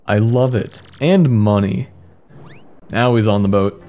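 A man's voice: fairly low pitch, moderate pace. A man doing comedic let's play commentary, reading mistranslated game text aloud and joking about it in a wry, amused way. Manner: wry, amused, reads mistranslated lines with deadpan jokes. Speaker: gaming commentator. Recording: faint game music behind voice.

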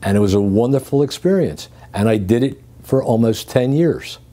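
Older man, warm lively storyteller. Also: mid-range voice, normal speed. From Greece. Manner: lively storyteller, chuckles as he recalls. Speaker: interview guest. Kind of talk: telling his life story.

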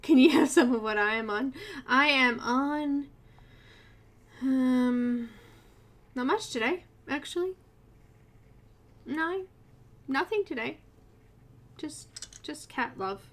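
High, unhurried Australian woman chatting. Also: fairly bright tone. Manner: chatty and giggly, cooing to her cat. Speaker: livestream host. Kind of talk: casual live coloring chat.

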